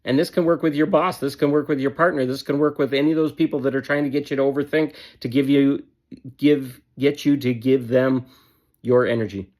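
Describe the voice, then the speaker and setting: A man's voice: medium pitch, fairly even intonation, brisk, darkish tone. A man giving a motivational self-help talk in an emphatic, repetitive and blunt way, with casual swearing.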